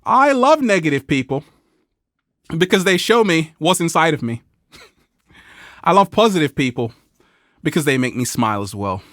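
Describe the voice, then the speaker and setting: At a moderate pace with long pauses, this vlog host speaks to his motivational audience playfully and animatedly. He laughs often and quotes people in a put-on high voice, recorded dry in studio quality.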